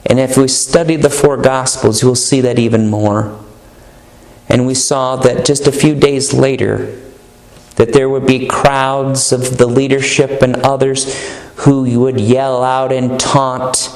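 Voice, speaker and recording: A man's voice: mid-range voice, flat delivery, slow, a little mellow. A male pastor preaching a sermon in an earnest, emphatic manner, stretching out key words. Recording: echoey room.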